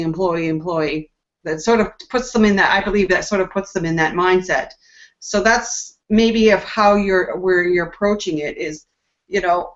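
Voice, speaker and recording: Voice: medium pitch, a bit bright. A panelist earnestly making a point about self-worth, repeating words for emphasis. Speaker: discussion panelist. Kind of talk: casual group discussion. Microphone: video call. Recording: dull lo-fi video call audio.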